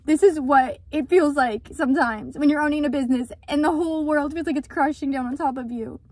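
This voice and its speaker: Speaking fairly quickly in a high, darkish voice on a dry recording, a woman shares an emotional confessional vlog outdoors about her small business. She sounds earnest and vulnerable, repeating words for emphasis.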